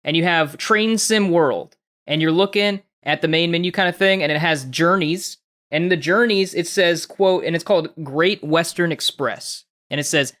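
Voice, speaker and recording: A young man co-hosting a podcast, telling a story in a casual, profane and animated way, mimicking voices along the way. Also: fairly high pitch, moderate pace. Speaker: podcast co-host.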